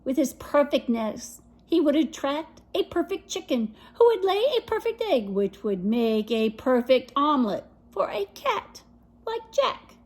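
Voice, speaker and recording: A woman reading a children's picture book aloud, expressive, with dramatic pauses and whispered asides. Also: high voice. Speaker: story reader.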